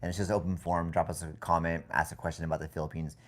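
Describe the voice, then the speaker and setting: A very low-voiced man co-hosts a casual live stream from home. He rambles in a loose, easygoing way, circling back and restarting his sentences as he answers viewer questions. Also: very fast. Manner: rambling, relaxed, many fillers and restarts. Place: home indoors with a TV in the background.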